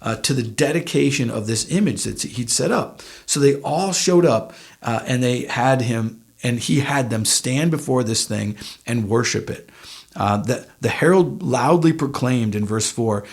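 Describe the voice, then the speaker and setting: A man's voice: mid-range voice, measured pace, vocal fry, husky. A man giving a casual Bible teaching on a church podcast, talking conversationally with frequent fillers and emphatic rises.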